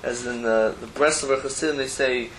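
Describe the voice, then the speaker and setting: A man's voice: medium pitch, fairly even intonation, fairly quick, a bit bright. Man teaching Talmud in an echoey room. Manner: explains text line by line, mixing Hebrew terms with casual asides. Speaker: Torah teacher. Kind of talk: Talmud class lecture. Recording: roomy echo, faint background noise.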